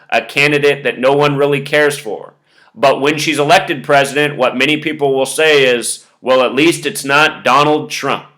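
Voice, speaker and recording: A man's voice: a little high, sharp tone. A man hosting his own video, lecturing in a monologue and counting things out step by step. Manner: lecturing, spelling out numbers step by step. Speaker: video host. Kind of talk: monologue commentary to camera.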